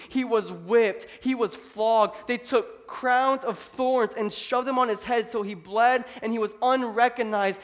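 In church, a pastor preaches with a high, light male voice. His delivery is emphatic yet conversational, as though he's speaking directly to his congregation.

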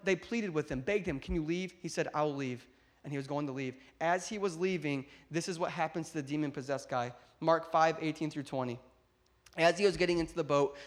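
A man preaching a sermon, building to loud emphatic peaks and acting out Bible dialogue. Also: a little high. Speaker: pastor.

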